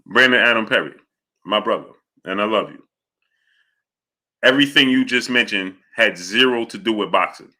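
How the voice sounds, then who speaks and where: A boxing talk show host runs a live stream, his bright, fairly low voice full of expression as he reads super chats aloud. He fires off rapid shout-outs to viewers in the chat and keeps repeating "you understand what I'm saying."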